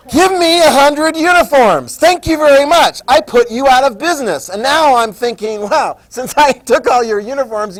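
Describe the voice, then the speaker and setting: A man voicing a pushy government official who loudly demands goods from a shopkeeper. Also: high voice, voice pushed up, rough recording.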